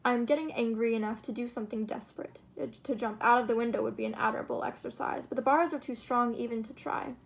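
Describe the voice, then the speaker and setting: A woman reading a short story aloud in an expressive, steady storytelling manner. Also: on the high side, fast, vocal fry, hardly any pauses. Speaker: reader.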